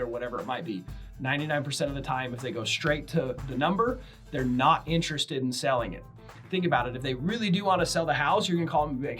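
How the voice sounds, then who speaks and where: A man teaching cold calling in a brisk, coaching way, acting out sample phone calls as he goes. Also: on the high side, fairly bright tone. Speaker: real estate investor teaching cold calling. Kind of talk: instructional talk to camera. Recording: faint music bed underneath.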